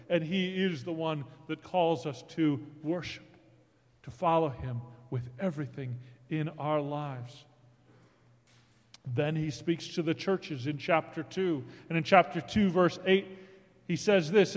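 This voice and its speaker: A man preaching a sermon, reading scripture dramatically and swinging from hushed tones to booming declarations. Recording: long hall reverb.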